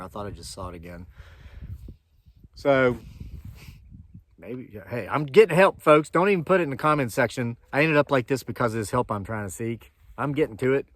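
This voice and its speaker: A man's voice: fairly low pitch, fairly bright tone. A man from Appalachia telling a long, rambling story to his viewers in a casual, chatty way, with frequent asides and digressions. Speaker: homesteading channel host.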